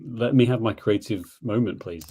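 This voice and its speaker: A man co-hosting a casual podcast, speaking in dry, deadpan quips. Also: fairly low pitch, normal speed, husky. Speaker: podcast co-host.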